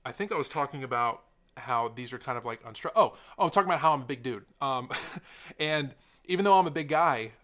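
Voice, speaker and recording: A young man sits and talks straight to the camera in an unscripted vlog. His voice is bright and forward, and he drifts between sidetracks with plenty of fillers. He speaks earnestly and openly. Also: mid-range voice, lively intonation, a little fast. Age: young adult. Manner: rambling, sidetracked, many fillers. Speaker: tech YouTuber. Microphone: camera mic, seated talking to camera.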